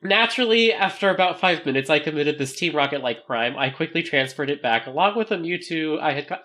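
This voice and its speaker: A man co-hosting a casual podcast, reading listener mail with a lively, bouncing pitch. His delivery is animated and full of jokey asides and laughter. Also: brisk, few pauses. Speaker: co-host reading listener email.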